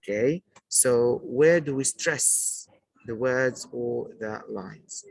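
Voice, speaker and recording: Slow, husky-voiced male teacher. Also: medium pitch, dry recording, rough recording. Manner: asks pupils questions and praises answers; slow, repetitive teaching delivery. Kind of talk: classroom poetry lesson.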